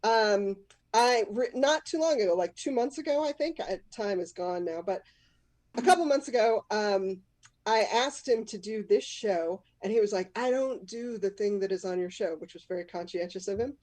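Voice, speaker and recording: A woman's voice: mid-range voice, expressive, moderate pace, a little mellow, no room sound. A woman comic hosting a live storytelling show, telling a self-mocking story in a casual, rambling way. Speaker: comic and host.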